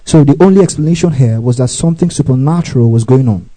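Dark-voiced man teaching from the Bible. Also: mid-range voice, fast talker, low-quality recording. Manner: repeats verse references and prompts listeners to underline; rhetorical checks, frequent okay and right.

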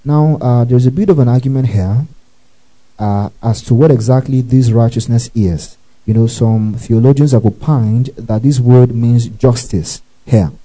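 In a low-quality recording, a man with a warm, mid-range voice and measured pace reads scripture aloud in a teaching sermon. He adds asides, often asks if the congregation follows, and breaks into praise.

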